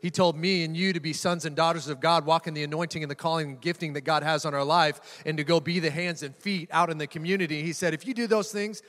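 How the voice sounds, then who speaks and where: A male pastor with a fairly high, slightly bright voice preaches to a live audience in a church hall, and the recording carries the hall's reverb. He talks quickly with fairly even intonation and hardly any pauses, staying conversational and jokey and often repeating words.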